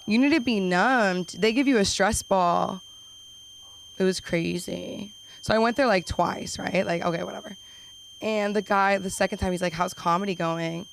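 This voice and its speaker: A woman's voice: mid-range voice, moderate pace, vocal fry, slight background noise, low-quality recording. A young woman doing a stand-up set at an open mic, chatty and self-deprecating, often slipping into silly voices. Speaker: stand-up comedian. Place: comedy club stage.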